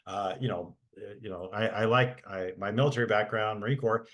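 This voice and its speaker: A man's voice: lowish voice, a little fast, a bit bright. A man, a special education advocate, talking in a folksy, rambling way with many restarts. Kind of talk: casual webinar talk.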